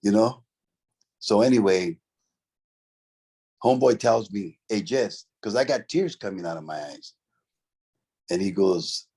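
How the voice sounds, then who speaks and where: Speaking at a moderate pace with frequent pauses, a middle-aged man recounts his past as an interview guest and former convict. His lowish, darkish voice has a breathy edge and lively intonation. The telling is casual, profane, and streetwise, peppered with "bro" and "right?".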